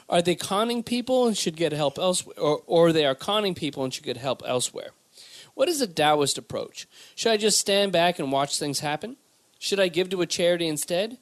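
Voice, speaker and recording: A man's voice: on the high side, dry recording. Chatty, joking man reading listener mail. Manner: chatty, rambling, joking, with many fillers. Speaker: podcast co-host.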